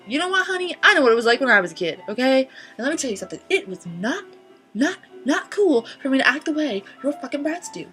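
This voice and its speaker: A woman's voice: sits high, very animated, fast talker, pushed and bright, soft background music. A young woman vlogger ranting sarcastically and profanely, exasperated and blunt. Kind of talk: ranting vlog.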